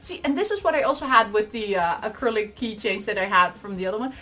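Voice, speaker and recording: A woman's voice: medium pitch, quick pace. Gushing, giggly woman unboxing dolls. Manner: gushing and excitable, squealing over items. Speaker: vlogger reviewing dolls. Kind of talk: casual unboxing chat.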